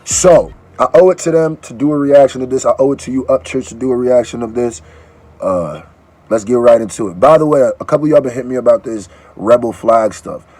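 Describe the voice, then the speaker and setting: A man's voice: mid-range voice, fairly quick, darkish tone, no echo. A man who is a musician, chatting loosely in slang for a reaction video, groggy from allergy medicine and restarting his sentences. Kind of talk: casual reaction video chat.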